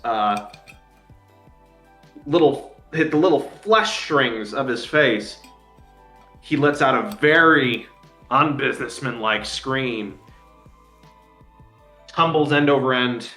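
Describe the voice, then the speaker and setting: Bright-voiced male game master narrating. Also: mid-range voice, reverberant.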